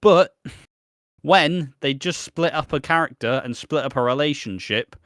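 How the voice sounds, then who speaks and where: A man's voice: a little high, unhurried, a bit bright, dry recording. Man chatting, dry close sound. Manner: rambling, many restarts, swears casually. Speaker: podcast co-host. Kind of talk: casual chat.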